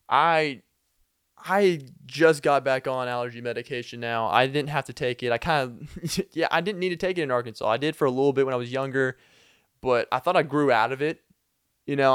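A man's voice: medium pitch, fairly bright tone, smooth, dry recording, studio quality. A young man hosting a podcast, telling a rambling comedic story full of fillers and little laughs. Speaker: podcast host.

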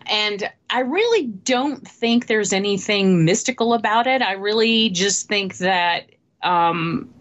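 A woman's voice: medium pitch, takes it slowly, a bit bright. A woman co-hosting a casual film review podcast, speaking hesitantly with many ums and restarts. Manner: hesitant, lots of ums and restarts, laughs easily. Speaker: podcast co-host. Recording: dull, muffled sound.

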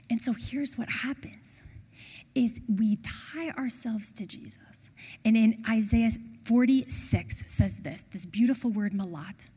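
A woman with a somewhat high voice delivers a sermon and brings the story to life by voicing its people. A long reverb trails her words, as in a church hall. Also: slow, breathy edge. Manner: animated storytelling, acting out quoted voices. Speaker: preacher.

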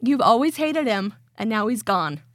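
Playful, lively woman podcast co-host. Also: a little high, normal speed, no room sound, studio quality. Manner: playful, laughs often, teasing. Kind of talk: casual chat.

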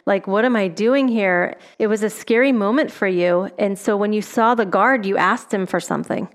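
A woman's voice: medium pitch, moderate pace. A woman hosting an interview, empathetically recapping her guest's story back to him. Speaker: host.

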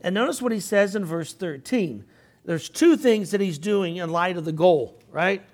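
An older man teaching a Bible class in a conversational way, clearing his throat often and turning to the class with asides. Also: high voice, expressive, moderate pace, a little mellow.

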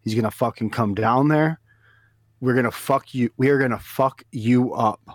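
A man's voice: medium pitch, normal speed, no room sound, clean studio sound. A man on a prank call, acting tough with stammering, mock-aggressive threats. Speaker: prank caller.

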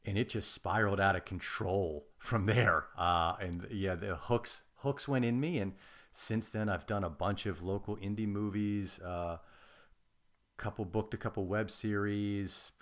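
A man's voice: on the low side, gravelly, fairly bright tone. American man telling stories. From United States. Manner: self-deprecating storyteller, quick asides. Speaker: podcast guest. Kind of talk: casual chat.

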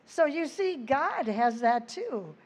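A woman's voice: sits high, sing-song, slow pace, a little mellow. A woman giving an earnest Bible teaching, reading scripture aloud with her own asides. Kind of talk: sermon.

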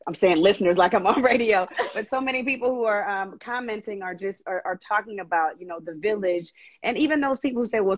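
A woman hosting a live online interview, supportive and affirming as she asks her guest questions. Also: mid-range voice. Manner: supportive, many affirming mm-hmms. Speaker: host. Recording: dull dry lo-fi sound.

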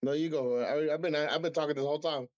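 A man chatting casually with friends, animated, laughing a lot and swearing. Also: on the high side, fast, dry recording, muffled recording. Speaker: guest. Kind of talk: casual chat.

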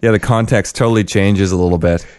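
A man's voice: fairly low pitch, steady tone, fast, darkish tone, clear, resonant tone, dry recording. A man co-hosting a podcast in casual chat over a video call, laughing as he tells stories against himself. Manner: laughing, self-mocking storyteller. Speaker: podcast co-host.

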